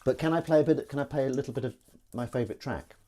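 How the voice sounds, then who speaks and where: A man's voice: mid-range voice, very fast, dark tone, slight background noise. A man streaming while he washes up in his kitchen, chatting in a rambling, self-mocking way. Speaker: live streamer. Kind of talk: casual chat while washing up. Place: kitchen at the sink.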